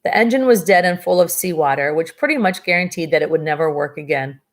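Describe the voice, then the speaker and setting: A woman reads a novel aloud in a lower-set voice and stops now and then for casual, chatty asides. Her remarks are dry and sarcastic. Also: quick pace. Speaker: reader of a novel. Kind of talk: reading a book aloud with commentary.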